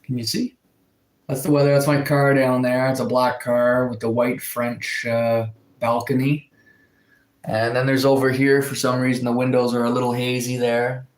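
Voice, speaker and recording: Casual male livestreamer, mid-range voice, loose filler-heavy chat, roomy echo. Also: mid-range voice. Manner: rambling, filler-heavy storytelling, reads chat aloud. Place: indoors at home, in a room with a window. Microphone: phone.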